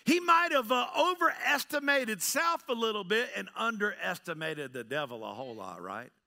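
A middle-aged man delivers a sermon in a church, his voice high, bright and gravelly. He swings from near-shouting to hushed tones, telling the story dramatically and tossing in "right?" again and again. His pitch leaps around with lively range. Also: normal speed. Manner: keeps asking "right?". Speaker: pastor. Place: church sanctuary.

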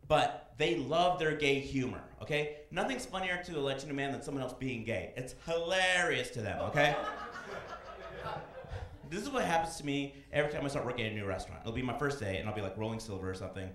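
A man in his thirties performing a stand-up comedy set on a club stage, animated and slipping into loud voices for his characters. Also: medium pitch, fast talker, background noise. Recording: echoey club room.

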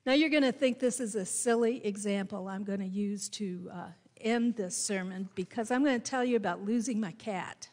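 A woman pastor with a Midwestern American accent, preaching a sermon and telling a personal story with deliberate, emphatic delivery. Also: medium pitch, darkish tone. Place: church sanctuary. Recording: long hall reverb in a church.

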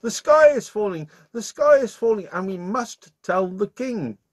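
A man voicing a tiny, excitable female hen who cries out in a shrill, frantic way in a children's storybook reading. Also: unhurried, no room sound, studio quality. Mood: panicked.

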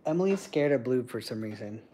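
A man hosting a casual stream, chatting with viewers and talking to his pet birds in soft, doting baby talk. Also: mid-range voice, animated, a little fast, slight background noise. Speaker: livestream host with pet birds. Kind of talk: casual chat with pets and viewers.

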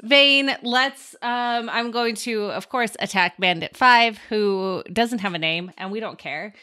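A woman's voice: mid-range voice, a little slow, bright, forceful tone. A woman playing a tabletop game, giggly and chatty as she announces her rolls. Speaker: player. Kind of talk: casual tabletop play.

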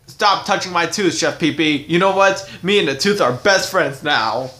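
A man's voice: fairly high pitch, normal speed, bright, forceful tone. A man doing a whiny stubborn young prince. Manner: whiny, complaining. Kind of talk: puppet show character voice.

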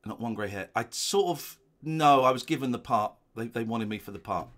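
A man's voice: expressive, moderate pace, fairly bright tone. A middle-aged man, giving rambling, chatty commentary while watching an old show in his living room at home. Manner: rambling, chatty, drifting into low asides. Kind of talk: casual watch-along commentary.

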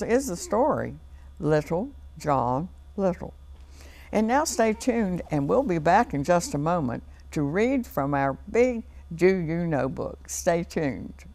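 A woman hosting a children's TV program in a studio, reading a storybook aloud to children in a gentle, child-directed way. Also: fairly low pitch, creaky, no echo.

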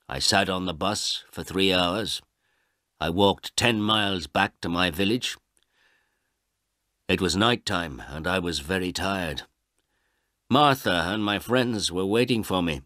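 A man reading a first-person story aloud as narrator, in slow, deliberate, plain sentences. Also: deep voice, sharp tone, no echo, studio quality. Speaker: audiobook narrator.

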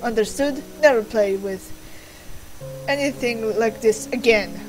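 A woman voicing a stern scientist father who scolds his daughter, reading game dialogue in a slightly lowered voice over game music. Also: a little slow, natural voice, low-quality recording.

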